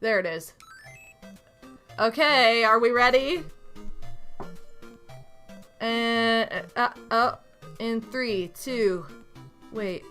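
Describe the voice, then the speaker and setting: A woman's voice: on the high side, extremely slow, pauses often, sharp tone, clear, resonant tone, faint music behind. A woman in her thirties streaming a retro game, chatting casually, gushing and reading game text aloud. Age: 30s. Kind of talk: casual gameplay commentary.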